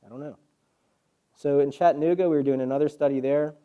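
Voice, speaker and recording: A guest presenter gives a public talk to a live audience in a hall, an animated storyteller who acts out quotes and poses rhetorical questions. His voice is a little high, smooth and fast, heard through a muffled recording.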